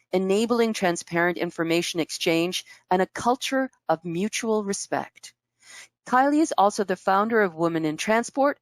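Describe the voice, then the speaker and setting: A woman with a medium-pitched voice, recorded without echo, hosts a webinar over a video call. She reads a guest's bio and gives her an upbeat welcome as part of the introduction.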